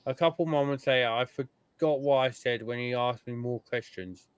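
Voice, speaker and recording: A man's voice: mid-range voice, moderate pace, clean tone, no room sound. A man hosting a casual podcast chat, telling stories and mimicking the people he describes. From United Kingdom. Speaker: podcast host.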